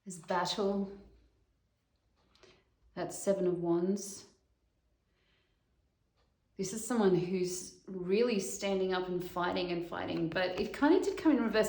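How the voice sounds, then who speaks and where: A woman doing a casual tarot reading, thinking aloud in a slow, musing way. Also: lowish voice, a little mellow. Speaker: tarot reader. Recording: echoey room with clear background noise.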